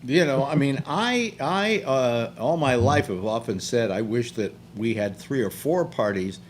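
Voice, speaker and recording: Man, host, argumentative, lively pitch, faint background hiss. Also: measured pace. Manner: argumentative, presses with repeated questions. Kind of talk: heated political chat.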